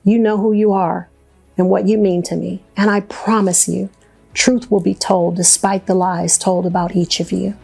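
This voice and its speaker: Woman gravel-edged first-person testimony, pointed, sarcastic, earnest. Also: medium pitch, level tone, a little mellow, faint music behind. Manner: indignant, sarcastic, deliberate; faith-filled, earnest.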